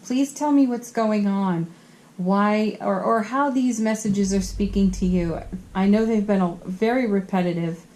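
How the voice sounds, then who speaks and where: A woman doing a tarot card reading, earnest and gentle, tired, often giggling at herself. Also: medium pitch, measured pace. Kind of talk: spiritual card reading to camera.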